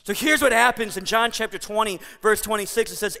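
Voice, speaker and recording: A male pastor delivering a sermon in a chatty, animated way, leaning into stories. His voice is high and bright. The church hall gives it a long, ringing reverb. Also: fast, hardly any pauses. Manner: conversational, animated storytelling.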